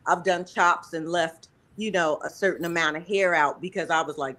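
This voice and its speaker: Lively, bright-voiced woman co-host. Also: on the low side, normal speed, few pauses. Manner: animated, playful, talks straight to listeners. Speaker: podcast co-host. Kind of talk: casual chat.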